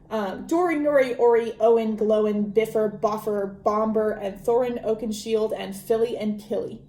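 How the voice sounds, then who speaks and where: A chatty young woman with a fairly high voice, talking through a book as a podcast host. She rambles casually with plenty of fillers. The room around her is echoey. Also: normal speed, few pauses, mellow. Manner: chatty, lots of ums and likes, laughs often.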